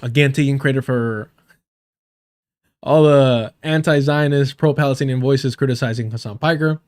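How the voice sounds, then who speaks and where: A man's voice: medium pitch, fairly even intonation, normal speed, a little mellow. A young man hosting a live stream, ranting with heavy profanity and scorn. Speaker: livestream host.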